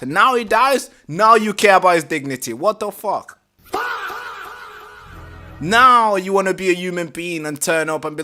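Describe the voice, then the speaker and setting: A man hosting a live reaction stream, talking casually, animated and exasperated, swearing freely. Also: sits high.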